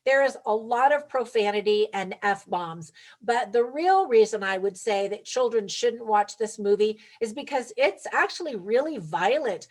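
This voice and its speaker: A woman talking through a movie review for her viewers, chatty and upbeat, with light laughs. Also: medium pitch. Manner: talks straight to viewers. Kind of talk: casual movie review vlog.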